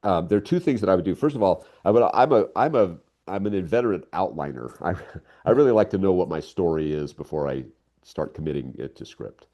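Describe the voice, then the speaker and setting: A man's voice: deep voice, brisk. An older man speaking as a guest writer in a casual interview, telling stories with enthusiasm. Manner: enthusiastic, animated storytelling.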